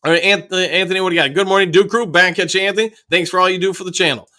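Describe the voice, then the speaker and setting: A man's voice: sits high, fairly even intonation, rapid-fire, sharp tone. A man hosting a casual live fan stream, upbeat and joking as he greets viewers in the chat by name. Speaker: host of a fan livestream reading chat.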